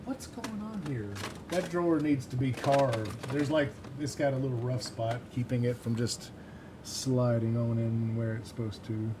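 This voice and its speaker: A man's voice: medium pitch, steady tone, moderate pace, background noise. A man from Mississippi with a mild Southern accent, chatting casually on a livestream while he builds electronics, rambling and chuckling at himself. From Mississippi, USA. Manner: rambling, chuckling, self-deprecating. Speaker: livestreamer building a synth module.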